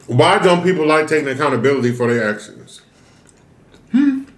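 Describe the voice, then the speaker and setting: A man's voice: medium pitch, fast talker, reverberant. A man chatting casually to viewers while eating, venting and asking rhetorical questions. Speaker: mukbang vlogger. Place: room, eating on camera.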